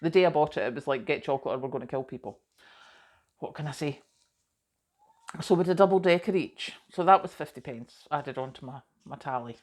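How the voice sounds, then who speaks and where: Woman, middle-aged, somewhat low pitch, casual vlog chat, rambling, self-deprecating. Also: fairly quick, darkish tone. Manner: chatty and rambling, self-deprecating, often says "do you know". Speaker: vlogger.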